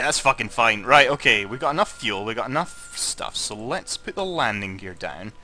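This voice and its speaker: A young Scottish man commentating on his own gameplay, tipsy, sweary and jokey, swinging between muttering and excited shouting. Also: medium pitch, slight background noise. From Scotland. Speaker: gaming YouTuber.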